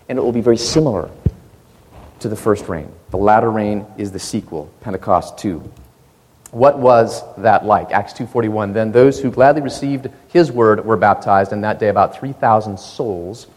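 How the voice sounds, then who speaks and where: A man preaching a sermon, telling stories with animated rises and quiet asides, recorded in a church hall. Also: on the low side, moderate pace, slightly rough. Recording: long hall reverb.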